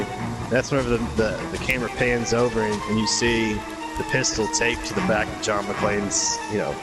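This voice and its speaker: Man, gaming streamer, rambling profane chat, lowish voice, loud game music underneath. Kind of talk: casual chat while gaming.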